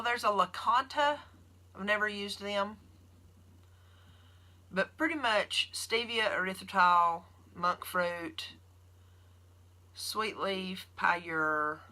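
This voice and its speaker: A woman's voice: medium pitch, takes it slowly, long pauses, sharp tone. A woman with a Southern US accent, chatting casually on a livestream and answering viewer questions as a keto nurse.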